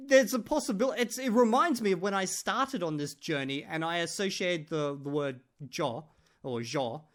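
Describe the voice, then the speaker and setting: A man's voice: on the high side, a bit bright. A man talking casually to his viewers in a chatty, joking way. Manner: chatty, jokey, addresses viewers as guys. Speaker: language-learning vlogger. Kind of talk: casual talk to camera.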